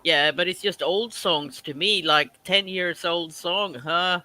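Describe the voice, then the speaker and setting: A woman's voice: lowish voice, slow, bright, forceful tone, rough recording. Giggly chatty woman on a call. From Sweden. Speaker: guest on a call. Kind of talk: casual chat.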